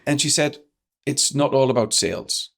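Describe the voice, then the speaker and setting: A man, a guest telling stories in a lively way and acting out the lines of the people in them. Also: mid-range voice, moderate pace, gravelly, noisy background. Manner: energetic, acts out quoted dialogue. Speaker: guest speaker. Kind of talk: animated storytelling in a podcast interview.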